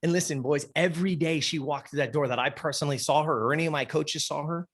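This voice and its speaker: A man's voice: fairly high pitch, steady tone, quick pace. A man, a gym coach, telling a story as a podcast guest, emphatic and fired up, swearing freely.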